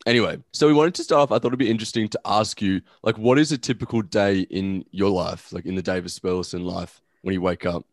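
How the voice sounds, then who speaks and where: Low-voiced man co-hosting with dry quips. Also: fairly even intonation, fast talker, few pauses, dry recording. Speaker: podcast co-host. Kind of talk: casual podcast chat.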